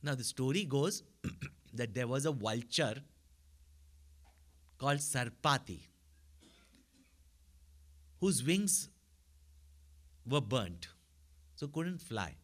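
A man's voice: medium pitch, animated, drawn-out words, pauses often, fairly bright tone. A man telling a story as a spiritual teacher, in a chatty manner that keeps checking in with his listeners. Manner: conversational, asks listeners for agreement.

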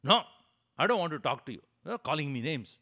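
A man's voice: fairly high pitch, very animated, normal speed, heavily acted. A man playing an outraged heckler. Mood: offended. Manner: shouting, protesting. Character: indignant male audience member, easily offended.

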